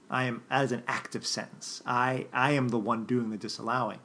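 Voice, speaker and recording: A man gives an unscripted philosophy lecture, thinking aloud in a thoughtful, halting way with many restarts and fillers. His mid-range voice has a bright, forceful tone, and he addresses listeners directly, often checking in with "right?".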